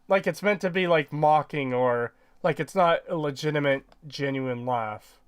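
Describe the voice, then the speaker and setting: A man's voice: on the high side, normal speed, smooth, no echo, clean studio sound. A man co-hosting a podcast, chatting casually about games with wry, easygoing remarks. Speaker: podcast co-host. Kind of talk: casual gaming chat.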